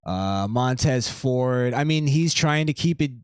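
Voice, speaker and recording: A man's voice: medium pitch, animated, unhurried, clean tone, no echo. Male host, loose rambling delivery, dead-dry close mic. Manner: loose, rambling, reads items aloud. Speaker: podcast host. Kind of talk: casual podcast chat.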